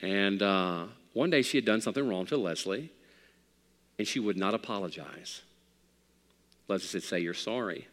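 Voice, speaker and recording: Bright-voiced preacher man in echoing hall. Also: fairly low pitch, expressive, normal speed, long pauses. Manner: swings from hushed to loud fervent preaching. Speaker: pastor. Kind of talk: sermon. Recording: long hall reverb.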